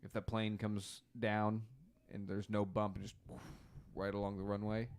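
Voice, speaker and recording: A young man co-hosting a podcast in a casual, excitable, jokey chat. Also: fairly low pitch, moderate pace, slight background noise. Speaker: podcast co-host.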